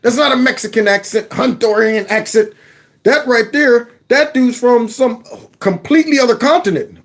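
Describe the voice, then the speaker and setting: A man's voice: extremely high pitch, moderate pace. Indignant man riffing on news clips. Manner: indignant, rhetorical questions, folksy asides. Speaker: commentary channel host. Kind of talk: political commentary over news clips.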